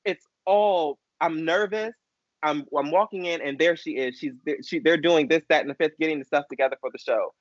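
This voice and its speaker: A young man in casual chat, an expressive, gushing storyteller co-hosting a podcast. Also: fairly high pitch, moderate pace, no echo. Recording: dull dry lo-fi sound.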